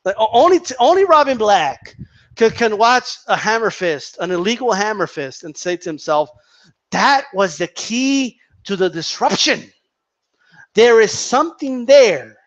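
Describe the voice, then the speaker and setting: High-pitched guy ranting bout boxing, swears a lot, stumbles over words, kinda muffled audio. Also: measured pace. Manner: animated, profane, repeats words and stutters. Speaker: boxing commentator. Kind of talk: opinionated casual rant.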